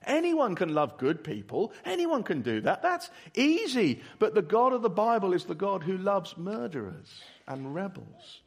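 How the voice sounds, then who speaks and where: A man preaching earnestly, pleading with listeners, then leading a slow prayer and answering a question. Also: sits high, sing-song. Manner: earnest, pleading, with soft drops and emphatic rises. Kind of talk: sermon with prayer and Q&A.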